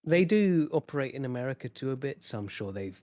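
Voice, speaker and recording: A man's voice: medium pitch, big pitch swings, fairly quick, warm tone. A man in casual podcast chat, easygoing and a little hesitant, with dry jokes. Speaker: podcast co-host.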